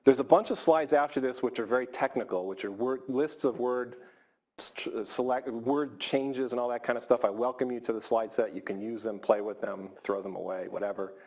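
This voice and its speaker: A man's voice: mid-range voice, steady tone, brisk, a little mellow. A middle-aged man, a surgeon, giving an informal grand rounds lecture in a hall, repeating words for emphasis. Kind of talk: conversational lecture.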